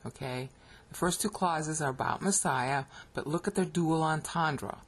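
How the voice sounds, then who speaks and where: Husky American-accented Bible teacher narrating slides. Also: mid-range voice, a little slow. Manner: explanatory, checks in with frequent "okay?". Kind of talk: screen-recorded lecture narration.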